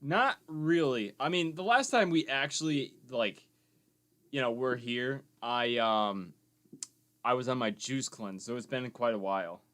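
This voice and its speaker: A young man co-hosting a casual nerd chat podcast, excitable, cursing and jumping in loudly. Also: mid-range voice, unhurried. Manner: excitable, swears, jumps in loudly. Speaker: podcast co-host.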